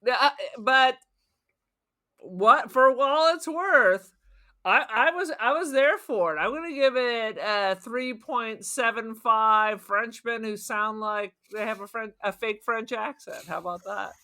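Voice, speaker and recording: A woman's voice: a little high, a little slow, bright, forceful tone. A woman co-hosting a podcast, giving her take on a film in a blunt, salty, often laughing casual chat. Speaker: podcast co-host.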